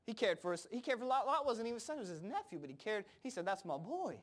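In a very high-pitched, very animated voice, a man delivers a sermon at a rapid-fire pace. He keeps it conversational, voicing Bible characters casually, and he leans heavily on fillers and repeated words and phrases.

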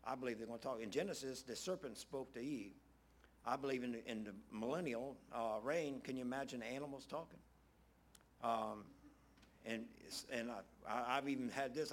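A man preaching in a loose, homespun way. His voice sits at an ordinary middle pitch, and he circles back on his phrases to drive a point home. He sounds like he is talking the Bible through with his congregation. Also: slight background noise. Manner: folksy and conversational, repeats phrases for emphasis. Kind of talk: casual sermon.

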